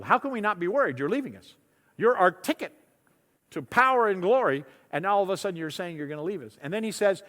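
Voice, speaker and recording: A male pastor gives a sermon in a loose, conversational way, doubling words as he goes and slipping into the voices of people in his story. His voice sits fairly high. The sound carries a long reverb from the church hall. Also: very animated, fast, a bit bright. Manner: conversational, acts out disciples' voices, repeats words. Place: church sanctuary. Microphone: lapel mic.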